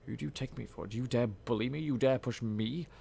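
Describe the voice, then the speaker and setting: A man's voice: medium pitch, a little fast, gravelly, warm tone, a little hiss or hum. A man voicing an older, domineering male factory boss who talks down to others with contempt and menace, over game music. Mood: threatening.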